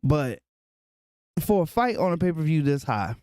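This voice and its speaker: A podcast co-host jokes through casual sports chat, animated and lively. His voice is a little high and clear with a resonant tone, at normal speed, in clean studio sound with no echo.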